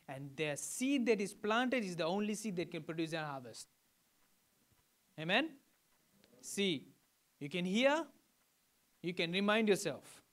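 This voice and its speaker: A male pastor from Fiji, whose voice sits high, preaches a sermon to a congregation. He teaches conversationally and keeps checking in with his listeners through questions.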